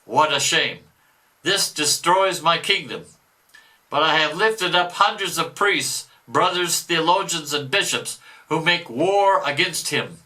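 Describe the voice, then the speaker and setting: Spiteful male devil, boastful and scornful, as read aloud by a man with a fairly high, very bright, sharp voice. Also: animated, measured pace, rough recording. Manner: declaimed reading with mocking outbursts. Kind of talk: dramatic reading aloud.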